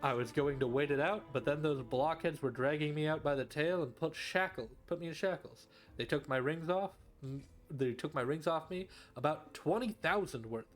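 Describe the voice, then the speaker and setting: Guy doing a cocky young thief, slangy and breezy, highish voice, bit of music behind. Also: moderate pace, hardly any pauses, lightly acted. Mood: aggrieved bragging. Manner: breezy storytelling, street slang. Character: cocky young male tiefling thief, shifty. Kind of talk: reading game dialogue aloud on stream.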